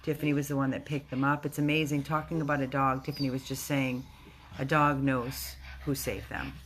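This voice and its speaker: A woman dog rescue volunteer giving a casual video update from a rescue house, talking in an emotional, halting way with restarts. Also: extremely low pitch, flat delivery, slight background noise.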